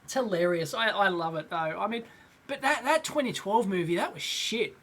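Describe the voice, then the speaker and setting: A man's voice: sits high, expressive, normal speed, fairly bright tone. A middle-aged Australian man hosting a casual live question-and-answer show, rambling with many fillers and frequent chuckles. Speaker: host.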